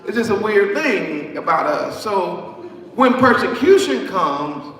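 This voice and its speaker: A man preaching a sermon in an emphatic, repetitive way that rises to shouts. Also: sits high, big pitch swings, slow. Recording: echoey hall, far from the mic.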